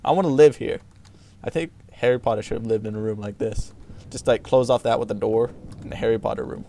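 A man doing casual let's-play commentary, excitable and full of yelps and exclamations. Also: fairly low pitch, quick pace. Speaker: gameplay commentator.

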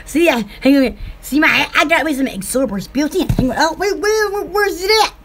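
A woman from Alabama with a Southern accent, rambling excitedly in a casual vlog for her online shop. She giggles often and fills her talk with "oh" and "um". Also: high-pitched, moderate pace, a little hiss or hum. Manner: giggly, excitable, lots of "oh" and fillers.

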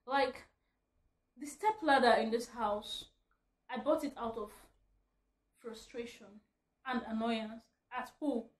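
Woman vlogger, high voice, ranting and laughing, echoey room at home. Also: slow pace, long pauses. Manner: animated, laughing mid-rant. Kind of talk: ranting vlog.

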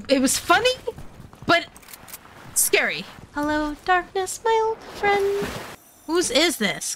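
A woman's voice: high voice, fairly bright tone, a little hiss or hum. A young woman streaming a game, chatting playfully and teasing, often repeating herself. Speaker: gaming streamer. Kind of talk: casual gaming banter.

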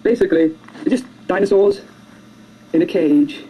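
A speaker rambling through a comic retelling of a film over their own drawings, hurried and jokey, jumping into silly squeaky voices on a home computer mic. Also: dark tone, a little hiss or hum, low-quality recording. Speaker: amateur storyteller narrating drawings.

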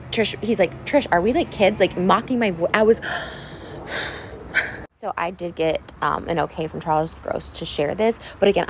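A woman's voice: medium pitch, slight background noise, rough recording. Rambling, upset woman venting to camera. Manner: upset, rambling, many fillers and restarts. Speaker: vlogger. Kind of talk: emotional personal vlog rant.

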